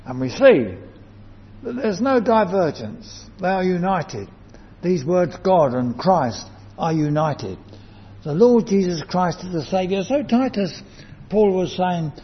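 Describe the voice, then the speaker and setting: Earnest preacher man with a lively pitch. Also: slow pace, breathy edge. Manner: earnest, emphatic, rising to stress key words. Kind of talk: sermon. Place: church building. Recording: dull lo-fi church sound with long reverb.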